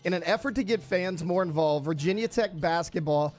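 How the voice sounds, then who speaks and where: A man's voice: sits high, faint music behind. A man co-hosting sports talk radio, reading out items briefly and casually for his partner to react to. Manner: reads out items as quick prompts, dry and brief. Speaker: radio co-host.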